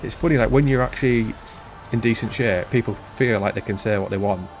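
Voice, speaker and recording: Low-voiced chatty British man gaming. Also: fairly quick. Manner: chatty, rambling, self-deprecating. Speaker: gaming channel host. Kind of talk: casual gameplay commentary. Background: faint game music.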